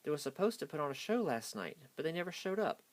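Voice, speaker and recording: A man's voice: on the high side, very animated, fast talker, pitched above the performer's own voice. A man doing an eager young reindeer buck. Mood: earnest. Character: young eager male reindeer, brave and earnest.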